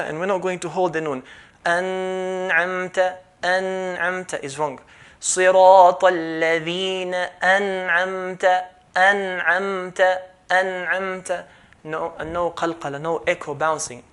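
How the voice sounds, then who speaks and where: Man teaching Quran recitation rules. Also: a little high. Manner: explains patiently, repeats words slowly, recites demonstrations louder. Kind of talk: tajweed lesson with recitation demos.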